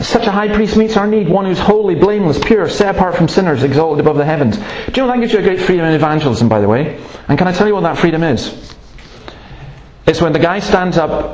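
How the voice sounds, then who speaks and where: A man's voice: fairly high pitch, animated, fast, darkish tone, a little hiss or hum. A man preaching a sermon in an earnest, emphatic way, breaking off to tell stories. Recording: roomy, echoey room sound.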